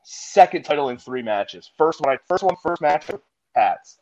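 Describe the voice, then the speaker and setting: Man, laughing storyteller, slightly high voice, dull lo-fi sound. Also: moderate pace. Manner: laughing, animated anecdotes. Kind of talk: casual podcast chat.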